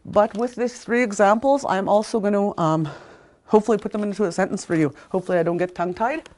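A woman's voice: mid-range voice, fast, darkish tone. A woman teaching a language lesson, patiently sounding out words and repeating them, with small apologies for slips.

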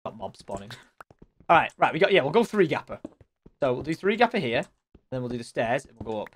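A man's voice: medium pitch, very animated, quick pace, a little hiss or hum. A man giving casual, chatty gameplay commentary, talking straight to his viewers and teasing them playfully. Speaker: let's play gamer.

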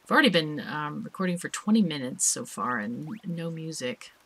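A woman's voice: low-pitched, animated, moderate pace, fairly bright tone, husky. A woman hosting a let's play, chatting casually and thinking aloud as she plays, with small laughs. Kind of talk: casual gameplay commentary.

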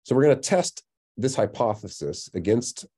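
A man's voice: mid-range voice, expressive, normal speed, dark tone, slightly rough. A middle-aged man lecturing in a public science webinar, talking conversationally with lots of fillers and restarts. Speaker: astronomy lecturer. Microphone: computer mic on a webinar call.

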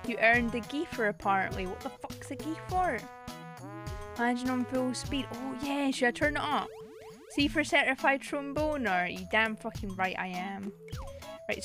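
A young woman casually commenting on a game stream, giggling and swearing as she reads cards aloud. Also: fairly high pitch.

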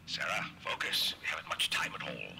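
A man voicing a mysterious, ominous male guide in a horror game, speaking in a breathy whisper. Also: rumbling low, sing-song, fairly quick, exaggerated voice. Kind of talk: game voice acting.

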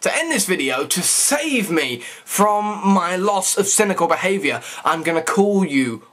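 A man's voice: high-pitched, very animated, unhurried, a bit bright. A young man, talking straight to camera in a rambling, stammering comedic rant full of mock outrage. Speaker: vlogger.

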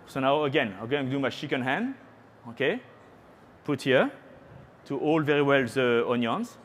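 A French-accented chef from France hosts a chatty live cooking demonstration at a trade show, teasing people watching and slipping into French. He speaks at a moderate pace in an animated, mid-range voice.

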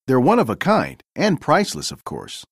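A man's voice: mid-range voice, wildly swooping pitch, normal speed, breathy edge, no echo, studio quality, full character voice. A man voicing a brave and clever female spy car in a storybook reading, with an urgent, determined manner.

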